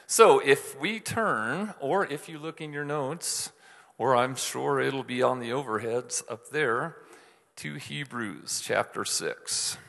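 A man preaching a sermon in a relaxed, chatty way, with restarts and asides to the congregation. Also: medium pitch, takes it slowly, creaky. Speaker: pastor. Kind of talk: conversational sermon. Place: church hall with screens. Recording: long reverb of a large hall.

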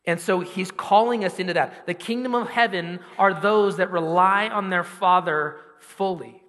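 A man in his thirties preaching a sermon in a conversational, animated way, acting out quotes. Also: sits high, normal speed, in a large hall. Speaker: pastor.

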